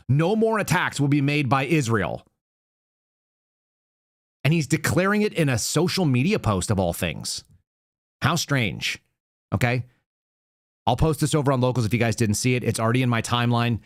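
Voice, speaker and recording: A man's voice: mid-range voice, big pitch swings, fairly quick, dry recording, clean studio sound. A man hosting a political commentary show, sarcastic and heated, reading quotes aloud with emphasis. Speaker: show host.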